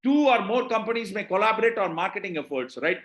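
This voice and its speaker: Male business trainer, Indian English accent, higher voice, roomy echo, repeats himself and keeps checking in with the audience. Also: expressive, fast, a bit bright. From Tamil Nadu, India. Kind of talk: live webinar talk.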